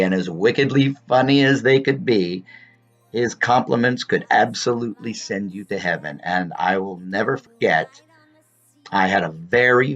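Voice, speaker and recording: A man's voice: lowish voice, a bit bright. A man in his fifties, a former drama student, telling a tribute story about his old teacher and mimicking the teacher's remarks. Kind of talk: tribute anecdote. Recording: dull lo-fi recording.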